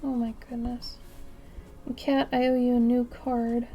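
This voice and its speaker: A woman artist chatting casually with her live-stream viewers, often dropping to a soft near-whisper and breaking into excited exclamations. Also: fairly high pitch, a little slow, highs cut off, faint music behind.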